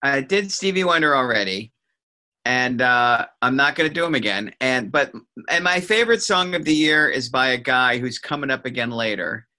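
A man's voice: medium pitch, animated, normal speed, pushed and bright. A man co-hosting a music podcast, enthusiastic and joking as he talks about songs. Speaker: podcast co-host. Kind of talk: casual chat.

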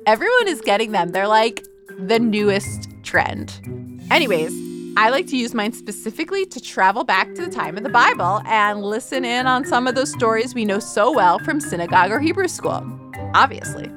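A woman's voice: a little high, very animated, normal speed. A woman hosting a children's show, narrating in a playful, jokey, teacherly way. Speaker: kids' show host. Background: background music.

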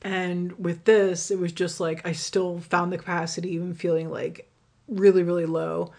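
A young woman talks through a personal story on her podcast, candid and rambling, tossing in swear words and plenty of "like" and "um". Her voice sits a little low for a woman, and the delivery is loose and conversational. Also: flat delivery, normal speed, gravelly, mellow. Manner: candid, rambling, swears freely, many fillers. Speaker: podcast host and rideshare driver.

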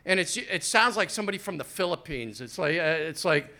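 A man's voice: a little high, lively intonation, fairly quick, bright, forceful tone. A man in his fifties doing a stand-up comedy set on a club stage, rambling and conversational, with crude asides. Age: 50s.

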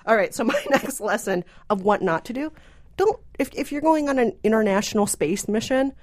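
Fun movie podcast lady, lively up and down voice, keeps laughing and repeating lines. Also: on the high side, moderate pace. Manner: playful, repeats punchlines, laughing asides. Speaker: podcast co-host, film critic. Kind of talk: casual movie review banter.

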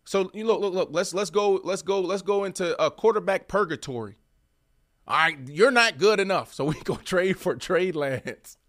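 A man who once played wide receiver, co-hosting a sports podcast and arguing his points in an animated way that swings from loud to soft. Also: sits high, moderate pace. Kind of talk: casual sports debate.

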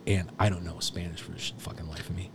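A man telling a personal story in casual chat, animated and swearing, swinging from loud laughter to hushed near-whispers. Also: low voice, quick pace, noisy background. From South Texas.

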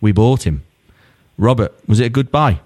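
A man's voice: medium pitch, expressive, moderate pace, darkish tone. A man hosting a football podcast, asking his guests questions and joking around. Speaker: podcast host. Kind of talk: casual football chat.

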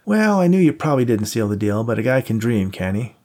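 A man's voice: mid-range voice, big pitch swings, brisk, a little mellow, close to an everyday voice. A man voicing a cocky, wisecracking male cop buddy in an audiobook, teasing and joking, raised above his own voice. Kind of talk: audiobook character voice.

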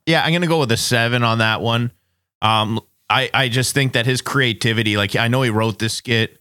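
Bright, tense-voiced man on a podcast. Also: medium pitch, moderate pace, smooth, no echo, clean studio sound. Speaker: podcast co-host. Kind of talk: casual podcast chat.

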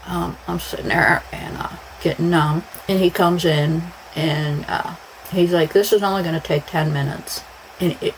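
A woman hosting her own podcast tells a story in a low voice, blunt and full of swearing. Her talk rambles from one detail to the next. A faint hum sits under the recording. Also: rough recording. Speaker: podcast host. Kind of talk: casual storytelling.

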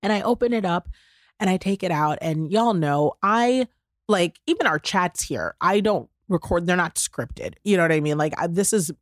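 Woman podcast host, low voice, animated casual storyteller, dry close sound. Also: normal speed, no echo. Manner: animated storytelling, full of "y'all" and "like". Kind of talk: casual chat.

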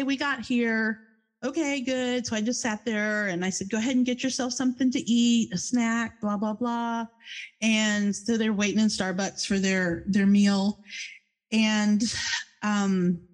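A middle-aged woman hosting a podcast, telling a personal story in a chatty, self-deprecating way with frequent laughs. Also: fairly high pitch. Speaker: podcast host.

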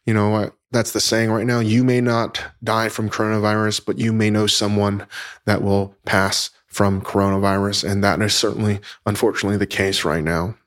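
A man hosting a podcast, talking in a halting, emotional way with many restarts. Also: on the low side, flat delivery, fairly bright tone. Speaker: podcast host. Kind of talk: casual podcast talk. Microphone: teleconference recording.

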